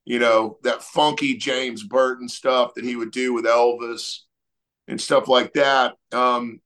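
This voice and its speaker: A middle-aged man, a musician talking casually in an interview and telling stories loosely with many fillers. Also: medium pitch. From Texas. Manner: relaxed storytelling, many fillers. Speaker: musician guest.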